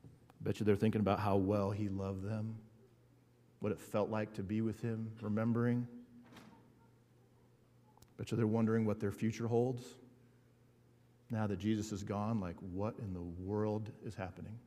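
A man preaching a sermon as a pastor, earnest and building emphasis with slow repeated words. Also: fairly low pitch, level tone, dark tone. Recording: hall reverb.

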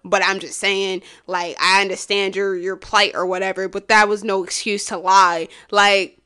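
Woman podcaster going off about a show, bright voice, swears a lot, goes from mumbly to yelling. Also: moderate pace, clean tone. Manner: animated, swings from low mumbles to loud exclamations; blunt and profane. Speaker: podcast host. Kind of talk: casual solo podcast chat.

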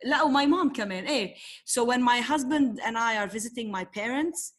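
A middle-aged Lebanese woman, a poet, telling her story in a candid interview, animated, swearing freely and mixing in Arabic phrases. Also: fairly high pitch, fast talker. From Tripoli, Lebanon. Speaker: poet, guest.

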